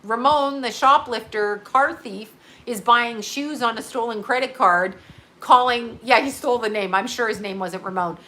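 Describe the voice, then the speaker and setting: A woman's voice: fairly high pitch, normal speed, sharp tone. A woman telling a rambling story to her live viewers in a casual, chatty way, swearing freely. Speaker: livestream host.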